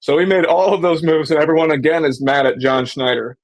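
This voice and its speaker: A man's voice: fairly high pitch, fairly even intonation, a little fast. A man hosting a casual sports fan show, talking animatedly and slipping into mock voices when he quotes people. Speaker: sports podcast host.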